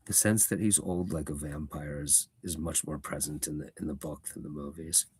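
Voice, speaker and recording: A man reading a fantasy novel aloud, stopping for relaxed, conversational, self-deprecating asides. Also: rumbling low, normal speed, husky. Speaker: audiobook reader.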